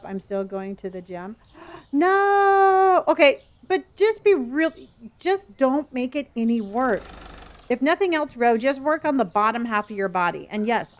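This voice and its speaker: Chatty woman streamer reading her chat. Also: a little high. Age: middle-aged. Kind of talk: casual live-stream chat with viewers.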